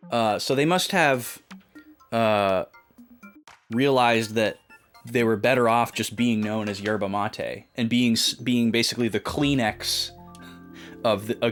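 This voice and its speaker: A young adult man hosting a stream, chatting casually and rambling with lots of fillers. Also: medium pitch. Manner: rambling, filler-heavy, conversational. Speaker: podcast co-host. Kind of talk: casual chat.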